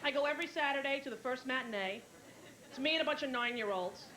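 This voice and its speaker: A woman doing a stand-up comedy set, telling stories quickly and in an animated way, with squealed character voices. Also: high voice. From New York. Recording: live show with noisy room ambience.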